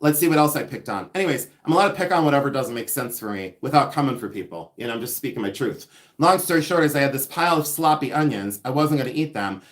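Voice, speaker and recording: A man hosts a live stream selling vintage jewelry, talking quickly in a medium-pitched voice. His chatty monologue is gossipy and animated, full of laughter and rambling side stories.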